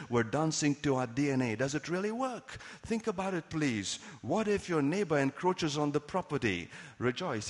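A man's voice: on the high side, big-room sound. A man preaching a sermon, telling dramatic stories and posing rhetorical questions to his congregation.

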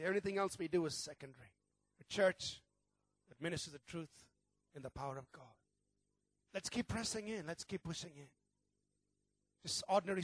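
A man with a notably high voice preaches a sermon as pastor. He tells his story earnestly and builds toward fervent prayer. The sound is dry and close, with no room echo. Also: a bit bright.

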